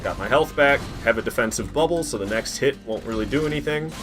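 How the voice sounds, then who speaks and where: Profane excitable male game streamer. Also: mid-range voice, quick pace. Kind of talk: casual game commentary. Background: faint game music.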